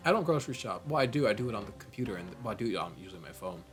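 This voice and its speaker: Animated, goofy man playing a game. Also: lowish voice, rapid-fire, soft background music. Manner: animated, goofy, rambling asides. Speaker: let's play host. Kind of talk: casual gaming commentary.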